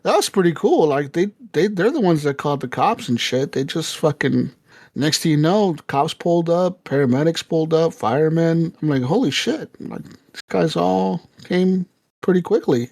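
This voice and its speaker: A man's voice: on the high side, expressive, normal speed, gravelly, darkish tone, no room sound. A man co-hosting a podcast, telling a story casually with lots of swearing and laughter, acting out quotes. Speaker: podcast co-host.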